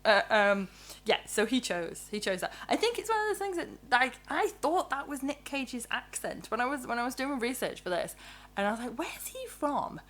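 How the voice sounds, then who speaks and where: This is a woman in casual podcast chat. Her voice rises and falls a great deal, and she rushes through ideas in bursts, breaking off to laugh and restart. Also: on the high side, slight background noise. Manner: animated, quick bursts of speech, frequent laughs and restarts. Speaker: podcast co-host.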